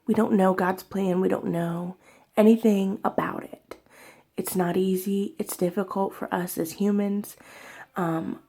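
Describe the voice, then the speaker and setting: A young woman talking in an emotional personal vlog, halting and tearful, with many fillers and soft whispered stretches. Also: medium pitch, steady tone. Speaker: vlogger.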